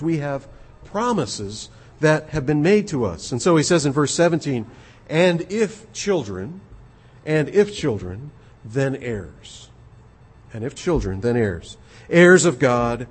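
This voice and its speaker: A man preaching an expository sermon, earnest and measured, often repeating his words. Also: medium pitch, slightly rough. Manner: earnest, measured, with frequent repetitions.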